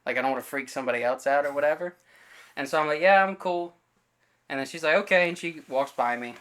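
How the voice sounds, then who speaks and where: A man's voice: a little high, fast, a bit bright. A man co-hosting a podcast in casual chat, telling a story and acting out the quoted lines of everyone in it, with loose fillers and self-corrections. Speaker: podcast co-host.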